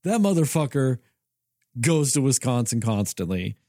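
A man's voice: medium pitch, sing-song, normal speed, dark tone, dry recording, clean studio sound. A man co-hosting a podcast in casual chat, ranting in a heated, profane way. He is from Texas. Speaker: podcast co-host.

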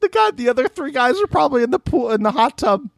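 A man co-hosting a casual recap podcast, animated and swearing often, acting out what people said. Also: very high-pitched, fast talker, vocal fry, dry recording, clean studio sound. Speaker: podcast co-host.

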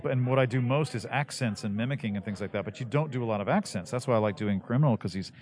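A man's voice: medium pitch, quick pace. A man with a radio-ish voice, a voice actor guest chatting casually in an interview and acting out the people he quotes. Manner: animated storyteller, acts out quotes.

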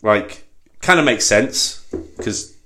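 A man co-hosting a casual film chat, animated and quick to laugh, often restarting his sentences. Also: on the low side, a little hiss or hum. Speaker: podcast co-host.

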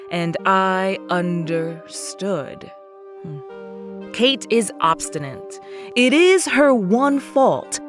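A woman narrating a classic story in a slow, measured, wistful way. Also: medium pitch.

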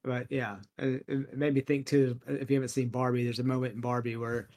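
Podcast guy rambling about movies, laughs a lot, says like and you know constantly, mid-pitched voice. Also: a little fast. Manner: animated, laughing, lots of fillers. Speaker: podcast co-host. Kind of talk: casual chat.

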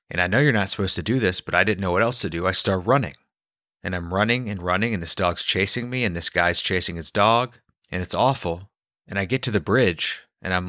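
A man calmly telling a personal story, quoting the people he met along the way. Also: low voice, no echo, studio quality. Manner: calm, reflective storyteller.

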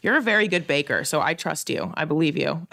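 Lively woman podcast co-host in her late 20s. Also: low-pitched, fairly quick, creaky. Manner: animated storyteller, laughs often, swears casually. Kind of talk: casual chat.

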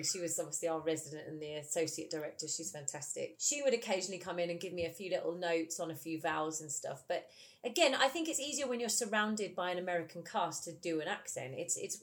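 A woman's voice: lowish voice, a bit bright. A woman with a British accent, an actress chatting in an interview with lots of animation and laughter. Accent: British English. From England. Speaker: musical theatre actress, guest. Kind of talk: casual interview chat.

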